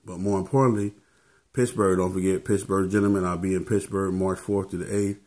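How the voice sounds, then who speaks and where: A man's voice: low-pitched, fairly even intonation, brisk, a little mellow. A man giving casual motivational talk as a vlogger, laid-back and tacking "man" onto his phrases.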